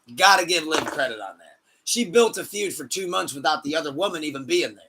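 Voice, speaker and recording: A man hosting a podcast in casual chat, excitable and swearing, laughing often. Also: fairly high pitch, a little fast, noisy background. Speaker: podcast host.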